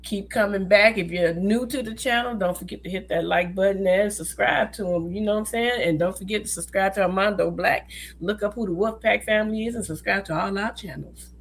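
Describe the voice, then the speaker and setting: A woman's voice: medium pitch, a little fast, slight background noise. A woman co-hosting a livestream, talking emphatically and laughing easily in casual chat. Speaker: co-host.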